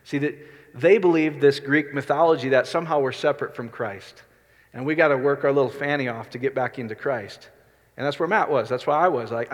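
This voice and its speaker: A man's voice: mid-range voice, fairly quick. A middle-aged man preaching a sermon as a pastor, talking conversationally and asking the congregation questions. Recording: reverberant hall.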